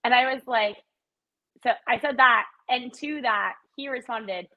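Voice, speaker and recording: A woman's voice: fairly high pitch, unhurried, bright, forceful tone, rough recording. A woman co-hosting a podcast, chatting casually and chiming in with details. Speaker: podcast co-host.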